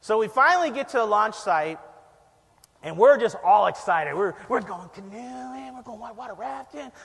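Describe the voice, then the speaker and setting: A man preaching, telling a self-deprecating story with lively energy and frequent laughter. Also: high voice, moderate pace, creaky, in a large hall. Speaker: pastor. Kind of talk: storytelling sermon. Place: church.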